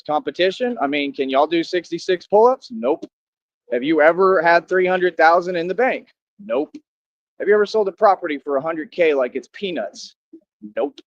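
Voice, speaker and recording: A young man boasts and taunts his critics in a slang-heavy monologue to the camera. His voice sits a little high. The sound is dull and lo-fi. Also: no echo. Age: young adult. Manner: boastful and confrontational, full of slang. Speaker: vlogger.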